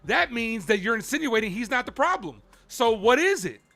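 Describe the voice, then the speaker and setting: A young man with a strikingly high, bright voice argues with his chat during a live baseball stream and presses viewers for answers. His pitch swings widely as he pushes his point, then he drops back to call the count. Faint music plays behind him. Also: sing-song, moderate pace, creaky. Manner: calls balls and strikes between rants.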